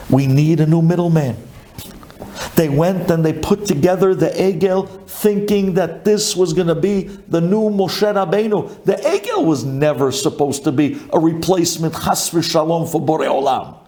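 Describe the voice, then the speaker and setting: A man's voice: normal speed, slight background noise. A male rabbi giving a sermon and telling the story dramatically, with Hebrew and Yiddish terms in his English. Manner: animated storytelling with big swings in pitch and volume.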